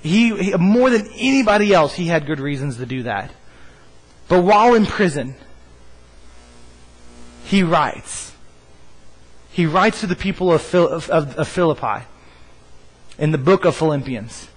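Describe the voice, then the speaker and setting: A pastor preaching a sermon, repeating a scripture line slowly and emphatically, with frequent restarts. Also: male voice, on the high side, lively intonation, breathy edge, in a large hall, poor audio. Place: church stage.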